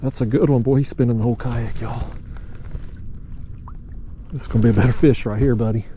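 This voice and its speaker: Outdoorsman vlogger, warm relaxed mellow voice, drawling folksy chatter, faint outdoor noise behind. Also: medium pitch, fairly quick. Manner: folksy, drawling, talks to viewers as "y'all" and "buddy". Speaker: fishing vlogger. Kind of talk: casual narration to camera while fishing. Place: outdoors on a kayak on a river.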